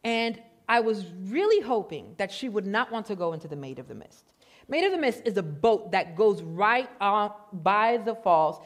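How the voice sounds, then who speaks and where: A man from Puerto Rico preaching a sermon, excitable and prone to getting loud, telling stories with self-deprecating humor. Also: sits high. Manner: excitable, gets loud when animated. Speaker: pastor.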